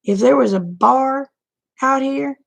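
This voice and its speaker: Middle-aged woman vlogger, gravelly voice and a touch high, frank folksy chatter. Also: takes it slowly. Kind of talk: casual livestream chat.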